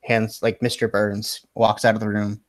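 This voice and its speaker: A man's voice: lowish voice, monotone, normal speed, dry recording. A man running a tabletop game as game master, narrating casually with lots of fillers.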